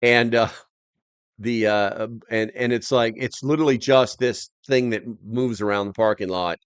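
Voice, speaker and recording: A man's voice: medium pitch, fairly even intonation, normal speed, clean tone, no room sound. An American man hosting a casual livestream, rambling loosely and reading viewer comments aloud. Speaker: livestream host.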